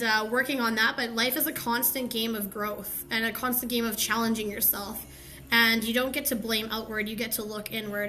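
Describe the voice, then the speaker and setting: A woman's voice: a little high, bright, forceful tone. A young woman hosting a live stream, giving a candid, heartfelt motivational talk with slangy asides.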